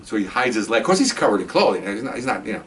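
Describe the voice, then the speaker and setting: Fast-talking older retired cop storyteller. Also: male voice, on the low side, slight background noise. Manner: animated, acts out quoted voices. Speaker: retired police officer. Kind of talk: casual anecdote telling.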